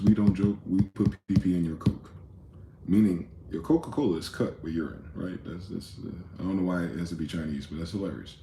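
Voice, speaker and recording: A man's voice: deep voice, gravelly, dark tone, roomy sound, a little hiss or hum. A man hosting a rambling late-night monologue, profane and conspiratorial in tone, with many asides. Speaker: host.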